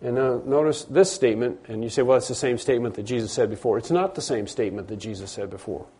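Guy preaching, leans hard on words then goes quiet, warm voice. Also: mid-range voice, fast, slightly rough. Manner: emphatic, repeats phrases, swings between loud stresses and quiet drops. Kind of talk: sermon.

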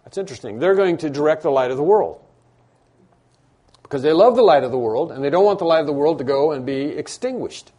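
Emphatic man preaching, mellow voice. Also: fairly high pitch, expressive, brisk. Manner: emphatic, repeats key phrases, acts out imagined dialogue. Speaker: pastor. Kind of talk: sermon. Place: church room with congregation.

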